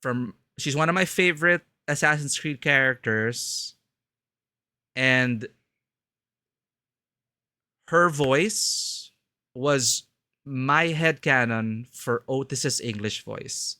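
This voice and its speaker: A man talks casually to his stream chat while playing a game, rambling and breaking off his own sentences. His voice is bright and forward, recorded very dry on a close mic. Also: mid-range voice, slow pace, long pauses, no echo. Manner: rambling, self-interrupting.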